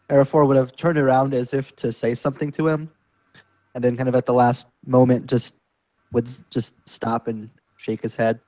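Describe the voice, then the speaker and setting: A man describing what his character does in a tabletop game, in a mid-pitched voice. He talks thoughtfully, with small hesitations, and the sound is dry. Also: warm tone, no echo, low-quality recording. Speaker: player.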